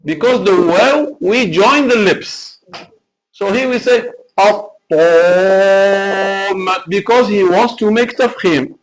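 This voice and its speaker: A man's voice: sits high, lively intonation, measured pace, low-quality recording. A man teaching Quran recitation in a live lesson, explaining carefully and chanting example verses.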